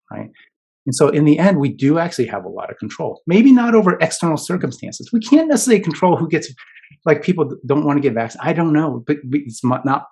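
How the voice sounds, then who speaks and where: Man, keynote speaker, conversational, gravelly, slightly raspy. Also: mid-range voice, a little mellow. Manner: conversational, many fillers and "right?" tags. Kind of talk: casual keynote talk.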